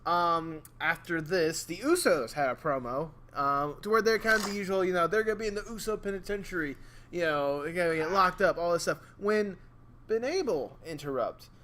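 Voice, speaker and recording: A man's voice: high voice, moderate pace, bright, forceful tone, a little hiss or hum. A young man hosting a wrestling podcast, recapping in casual chat with lots of fillers. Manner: rambling recap full of fillers. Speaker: podcast host.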